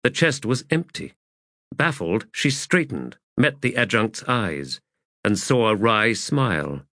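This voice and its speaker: Slow expressive male audiobook narrator. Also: on the low side, no echo, clean studio sound. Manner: measured, expressive reading. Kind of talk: scripted fantasy narration.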